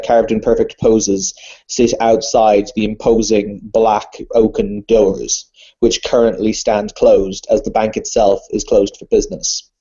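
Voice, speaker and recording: A man's voice: on the low side, mellow, breathy edge, dull audio. A man narrating as game master of a tabletop role-playing game, describing scenes theatrically and often correcting himself.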